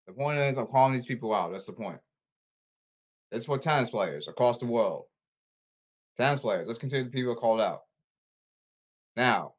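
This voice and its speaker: A man ranting on his own podcast, repeating himself and calling people out, swinging from apologetic mutters to shouts. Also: mid-range voice. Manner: repetitive, emphatic, calling people out. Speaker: podcast host. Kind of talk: rambling solo podcast rant.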